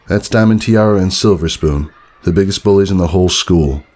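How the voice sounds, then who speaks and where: A man voicing an anxious, prickly young filly pony in a fan audiobook, pushing his voice high and squeaky with a defensive edge. His voice carries a roomy reverb. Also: fairly quick, darkish tone. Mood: annoyed.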